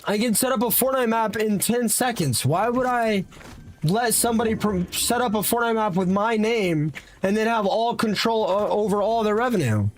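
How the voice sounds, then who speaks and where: Animated young man streaming, high voice. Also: normal speed, slight background noise. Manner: animated, rants with rhetorical questions. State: tired after a long stream. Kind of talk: casual live-stream chat.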